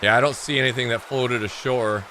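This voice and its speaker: Bright-voiced man chatting while gaming. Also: mid-range voice, steady tone, fairly quick, a little hiss or hum. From Michigan. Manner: rambling, talks to chat while playing. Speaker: streamer. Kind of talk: casual livestream gaming chat.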